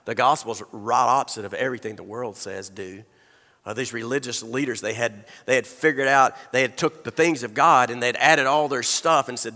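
Male pastor, conversational storyteller, bright forceful tone, long hall reverb. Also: medium pitch, moderate pace. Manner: conversational storytelling, acts out quotes, repeats words. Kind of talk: sermon.

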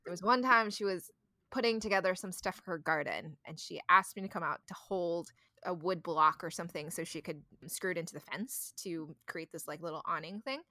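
A young woman, a podcast co-host, chatting casually and telling animated stories, acting out exasperated exchanges with her mother. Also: fairly low pitch, brisk, dry recording, clean studio sound. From child of immigrant parents. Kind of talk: casual chat.

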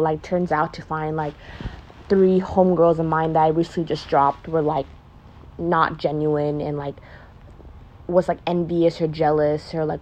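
A young woman vents on her podcast in loose, confessional chat, swearing freely and leaning on "like" at every turn. Her voice sits a little low, and the recording is dull and lo-fi. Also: a little mellow. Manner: frank and profane, heavy use of "like". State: pregnant, emotional. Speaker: vlogger doing a makeup podcast.

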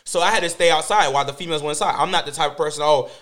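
A man talks quickly, with a voice sitting a bit high for a man. He tells stories in a casual group discussion, repeating words for emphasis and swearing freely. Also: a bit bright. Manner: emphatic, repetitive, profane storytelling.

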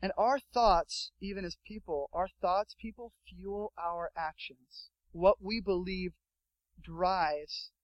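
High-voiced animated male preacher. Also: no echo, poor audio. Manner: animated storytelling with acted-out quotes. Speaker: pastor. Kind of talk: sermon.

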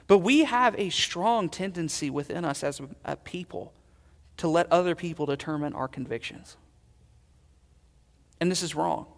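A man preaching a sermon as pastor, earnest, swelling loud and then dropping to quiet emphasis. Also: fairly high pitch, expressive, normal speed, gravelly, pauses often, in a large hall.

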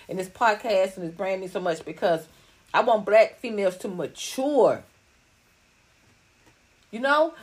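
A middle-aged woman hosting a podcast, talking casually to viewers in a blunt, profane and preachy way. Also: a little high. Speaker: podcast host. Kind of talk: casual livestream talk to viewers.

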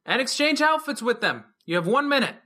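A man's voice: very high voice, big pitch swings, a little fast, pushed and bright, voice pushed up, exaggerated voice. A man doing a bold, playful teen girl calling out. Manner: teasing, calls out across the room. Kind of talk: audiobook character voice.

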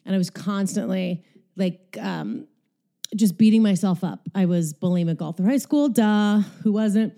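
A woman's voice: mid-range voice, animated, unhurried, dark tone. A woman hosting a candid, profane, rambling monologue while she exercises, out of breath.

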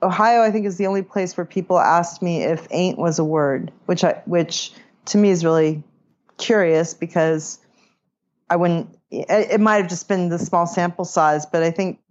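Chatty woman, low voice, dull lo-fi sound. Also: moderate pace, darkish tone. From California. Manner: chatty and meandering, with frequent restarts and light laughs. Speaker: author and grammar teacher, podcast guest. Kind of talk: casual interview chat.

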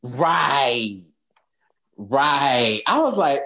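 Unhurried and medium in pitch, a co-host on a podcast runs through a film's plot, animatedly acting out quotes between bursts of laughter and plenty of casual cursing.

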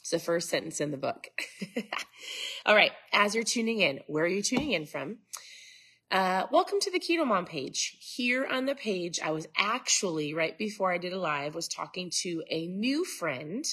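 Woman, middle-aged, from Minnesota, husky voice, lowish pitch, stuffy nose, casual live-stream host, chatty and rambling. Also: sing-song, moderate pace, sharp tone. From Minnesota, USA. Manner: chatty, greets viewers by name, rambling asides.

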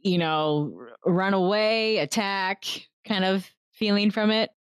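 A woman's voice: medium pitch, steady tone, slow, clear, resonant tone, no room sound, studio quality. A woman playing in a tabletop game, asking direct, matter-of-fact questions. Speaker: player.

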